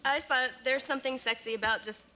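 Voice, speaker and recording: Bright-voiced earnest woman contestant. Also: sits high, steady tone, fast. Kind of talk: casual chat.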